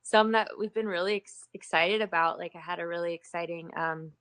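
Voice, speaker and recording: Woman, casual team update, hesitant restarts, flat low voice, dry sound. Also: brisk, dry recording. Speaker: team member on a project call. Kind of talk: casual spoken project update.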